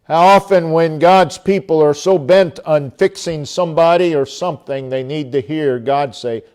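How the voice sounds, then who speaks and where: A man preaching a sermon as pastor, emphatic, with long dramatic pauses, dropping to a low quiet voice when quoting God.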